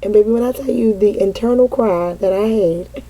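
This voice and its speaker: A woman's voice: medium pitch, moderate pace, warm tone. A woman giving a casual vent session to her viewers as a tarot reader, dramatic and profane, often breaking into laughter.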